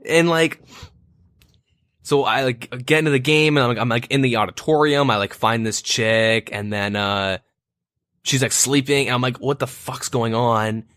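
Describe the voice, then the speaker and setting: A man's voice: medium pitch, moderate pace, fairly bright tone, no echo, clean studio sound. A man co-hosting a podcast, telling a story in casual banter, profane and rambling with lots of fillers. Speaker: podcast co-host.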